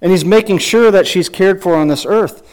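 A man's voice: sits high, normal speed, darkish tone. Earnest man preaching a sermon. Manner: earnest teaching with rhetorical questions and scripture quotes; frequent restarts and fillers, chuckling asides. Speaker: pastor.

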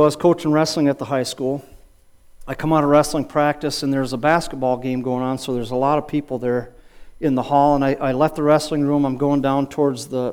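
A man's voice: medium pitch, a little mellow, smooth. A middle-aged man giving a conversational sermon, asking rhetorical questions and often restarting his sentences. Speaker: preacher and high school wrestling coach.

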